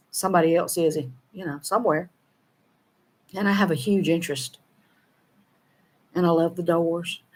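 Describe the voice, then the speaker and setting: Folksy Southern American woman. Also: lowish voice. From Southern United States. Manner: folksy, laughs often, talks fast and slurs words. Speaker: show co-host. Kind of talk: casual chat reading viewer comments.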